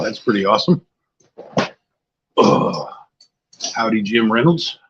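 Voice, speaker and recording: A man's voice: mid-range voice, fairly bright tone, husky, muffled recording. An older man hosting a casual livestream, tired and a bit scatterbrained, chatting loosely with viewers. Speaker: livestream host. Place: outdoors-like spot at home.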